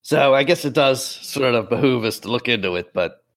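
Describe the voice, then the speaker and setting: A man running a tabletop game, briefing the players in a relaxed, rambling way while a bit under the weather. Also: mid-range voice, moderate pace. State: a bit sick, clearing throat. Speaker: game master. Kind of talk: voicing a military chief in a tabletop game.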